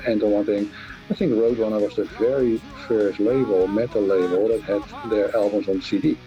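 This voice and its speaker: Mellow-voiced man telling stories, lo-fi. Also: on the low side, fairly even intonation, moderate pace, faint music behind. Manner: hesitant, repeats himself, many fillers. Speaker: interview guest. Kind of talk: recalling stories in an interview.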